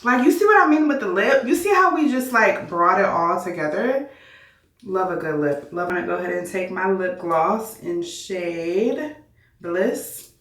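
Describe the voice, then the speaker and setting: A woman's voice: fairly low pitch, expressive, normal speed, a bit bright, recorded from a distance. A woman of thirty chatting casually through a makeup tutorial, bubbly and self-hyping as she talks to her viewers. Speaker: beauty vlogger. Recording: roomy echo, a bit off-mic.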